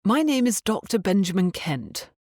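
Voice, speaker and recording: A woman voicing a kind gentleman physician who speaks in a polished, very proper and courteous way. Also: mid-range voice, big pitch swings, normal speed, no room sound, clean studio sound, pitched above the performer's own voice.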